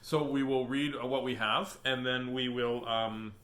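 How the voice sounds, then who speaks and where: A man's voice: medium pitch, fairly even intonation, measured pace, a bit bright. A man hosting a live children's book reading stream, chatting in a silly, playful, joking way. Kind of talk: casual live-stream chat. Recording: echoey room.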